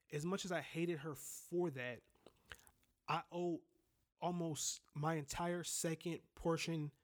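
Young guy, kinda high voice, blunt and cussing, telling his story with lots of restarts. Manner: raw, blunt, profane, with many restarts. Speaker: podcast host. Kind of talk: candid personal storytelling.

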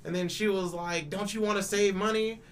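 A man's voice: sits high, a little fast. A young man in casual podcast chat, telling a long story with frequent laughs and repeated words, acting out both sides of quoted exchanges. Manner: animated, laughs often, repeats and restarts words, swears freely. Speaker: podcast panelist.

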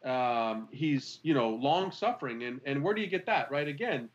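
Guy talking faith real animated, voice jumps all over, kinda dull lo-fi sound. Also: medium pitch, moderate pace. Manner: expressive, rhetorical questions, earnest. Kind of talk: animated conversational teaching.

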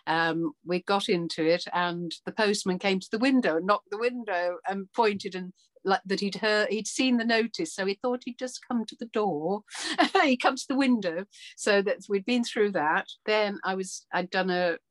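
An actress chatting casually, telling animated stories and acting out what people said. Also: female voice, mid-range voice, moderate pace. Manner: animated storyteller, acts out quotes, laughs often. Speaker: actor. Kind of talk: casual chat.

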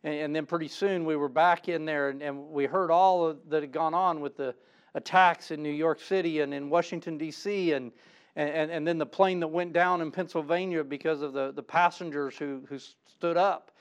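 A middle-aged male pastor delivering a sermon in a notably high voice. He talks emphatically and often doubles his words when he gets stirred up. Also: steady tone, normal speed, clear, resonant tone.

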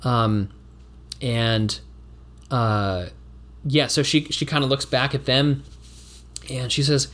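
A man's voice: medium pitch, fairly even intonation, slow, pauses often, a bit bright. A man from the United States narrating and thinking aloud through a solo tabletop game, with many fillers and restarts.

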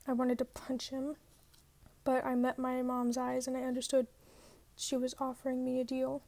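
A woman's voice: sits high, completely flat delivery, moderate pace, creaky, darkish tone. A woman narrating a novel in the first person as an amateur reader, stumbling and correcting herself now and then. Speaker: audiobook reader.

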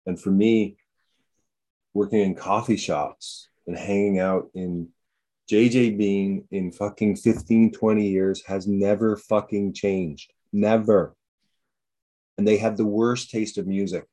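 A man casually telling rambling stories in a chat, swearing often and jumping into high mocking voices when he quotes people. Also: slow pace. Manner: profane, rambling, animated storytelling with jumps into high mocking voices.

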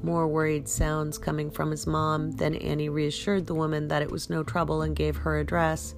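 A woman hosting a show and reading a story aloud at an unhurried pace, with small slips she corrects. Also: low-pitched, monotone, creaky, music in the background. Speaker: host and story reader.

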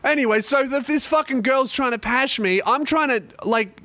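A man's voice: very high voice, moderate pace, pushed and bright, dry recording. A young man telling a profane comic story, laughing often. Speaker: comedian host.

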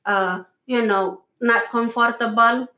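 Earnest mother, halting and echoey. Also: on the high side, fairly even intonation. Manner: earnest, halting, restarts, soft tender asides. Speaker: mother sharing parenting views. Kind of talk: casual conversation.

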